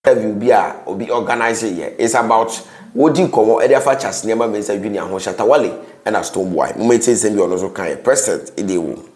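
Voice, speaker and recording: A Ghanaian man hosts gossip news commentary, breaking off into pleading, preachy asides aimed at his viewers. His lowish voice is a little mellow and moves at a quick pace, and the recording has a roomy echo.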